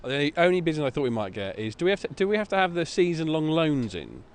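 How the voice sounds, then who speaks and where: A man's voice: fairly high pitch, very animated, racing. A man co-hosting a football podcast, asking questions hesitantly with many ums and restarts. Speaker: podcast co-host. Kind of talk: casual football chat. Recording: faint background noise.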